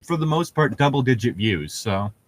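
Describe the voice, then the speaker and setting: A man's voice: mid-range voice, expressive, moderate pace, dry recording. A young man co-hosting a casual podcast chat, rambling with lots of fillers and laughing often. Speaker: podcast co-host.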